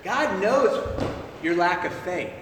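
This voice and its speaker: A male preacher with a high-pitched voice tells a Bible story in a sermon, animated and acting out its voices. He is heard from a distance in a large church hall with a long, echoing reverb. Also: takes it slowly, noisy background. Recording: echoey hall, recorded from far off.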